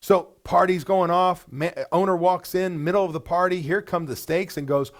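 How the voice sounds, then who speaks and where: A man presenting a business webinar to restaurant owners, blunt and animated, firing off rhetorical questions. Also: high voice, moderate pace.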